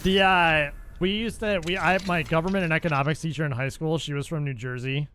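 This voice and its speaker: A man's voice: on the high side, fairly even intonation, brisk, bright, forceful tone, slight background noise. A young adult man streaming a game, chatting casually and joking back and forth with his live chat. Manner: playful, bantering with chat. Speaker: gaming streamer.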